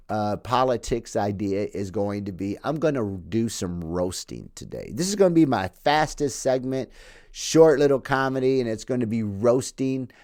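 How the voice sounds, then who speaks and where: Animated rambling male podcast host. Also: lowish voice. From Canada. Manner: rambling, laughs and swears freely. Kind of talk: casual podcast chat and comedy roasting.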